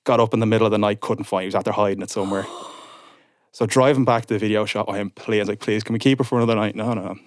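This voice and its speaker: This podcast guest, a man in his thirties, talks rapid-fire in a voice on the low side, captured in clean studio sound without echo. Chatting casually, he tells a story with animation and performs what people said.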